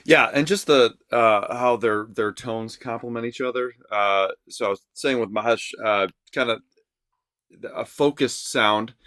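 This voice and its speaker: A man's voice: medium pitch, unhurried, a bit bright, no echo, clean studio sound. A man who coaches voice, chatting in a casual reaction video and often stopping to search for the right words. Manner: hesitant, searches for words with many fillers. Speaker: vocal coach.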